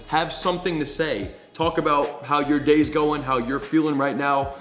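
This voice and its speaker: A man's voice: medium pitch, fairly bright tone. A man coaching viewers on social confidence, in a blunt, profane, pep-talk manner. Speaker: dating coach. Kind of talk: direct-to-camera coaching monologue. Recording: echoey room.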